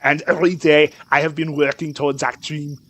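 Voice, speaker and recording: A man voicing a sentimental older male chef in a game, with a slow, soft put-on accent. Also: on the high side, little pitch movement, no room sound. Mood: earnest. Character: gentle old male chef, earnest and sentimental.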